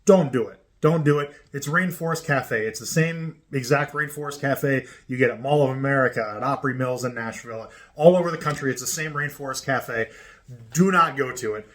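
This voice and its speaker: A man's voice: medium pitch, a little fast, fairly bright tone. A man co-hosting a casual travel chat, emphatic and fond of repeating his points for effect. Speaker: travel planner co-host.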